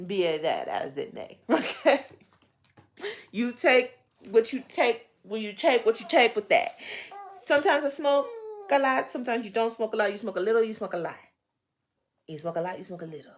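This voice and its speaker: A woman vlogger talking casually to her viewers into a handheld microphone, rambling and playful, often talking low and sultry. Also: fairly quick, slight background noise. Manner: playful, rambling, breaks into laughs and sung lines; talks low and sultry at times.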